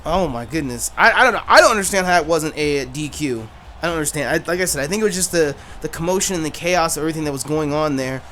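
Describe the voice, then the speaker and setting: A man's voice: a little high, fast, faint music behind. A man hosting a gaming stream, talking casually in slang, repeating himself and hyping up every moment. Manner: animated, slangy, repeats himself, hypes things up. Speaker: gaming channel host. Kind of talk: casual gaming commentary with playful role-play.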